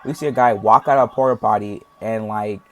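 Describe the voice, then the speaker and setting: A man's voice: on the low side, fairly even intonation, fairly quick, a bit bright. Young male storyteller, casual and rambling, full of slang. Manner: rambling, heavy slang, acts out voices. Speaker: storytime vlogger.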